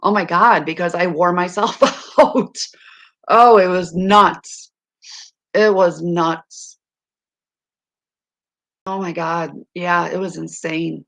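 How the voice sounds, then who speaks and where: A middle-aged woman with a hoarse voice, chatting casually on a live stream to her viewers, rambling and laughing often. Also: lowish voice, fairly even intonation, slow, fairly bright tone.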